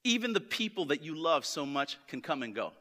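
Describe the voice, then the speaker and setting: A man preaching a sermon to a congregation in a church. He reads scripture slowly and with emphasis, asks the congregation questions to draw them in, and speaks with open emotion. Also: fairly high pitch, very animated, sharp tone. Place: church hall. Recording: long church reverb.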